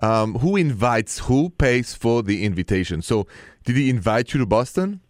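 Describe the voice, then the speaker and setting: A man's voice: mid-range voice, very animated, moderate pace, no echo, clean studio sound. A middle-aged man with a French accent hosting a call-in relationship advice show, playful and laughing often. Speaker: radio advice show host.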